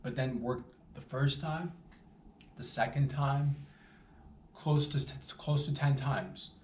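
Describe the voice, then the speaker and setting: A man hosting a podcast, delivering a rambling, profane comedic monologue with animated asides. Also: mid-range voice, takes it slowly. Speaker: podcast host. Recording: roomy, distant mic with faint background noise.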